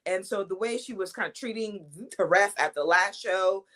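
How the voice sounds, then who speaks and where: A woman's voice: medium pitch, normal speed, a bit bright. A young woman, a wrestling champion, talking confidently in a casual interview, trash-talking her opponents between fillers and restarts.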